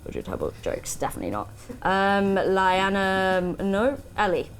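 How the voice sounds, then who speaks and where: A woman's voice: medium pitch, big pitch swings, a little slow, faint music behind. A British woman, an actor guest, chatting casually in an interview while she paints, scattered and self-deprecating. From Britain.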